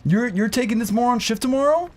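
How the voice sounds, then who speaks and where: A man voicing a curt, bossy female shift manager in a raised, shrill voice. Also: expressive, fast, darkish tone. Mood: demanding.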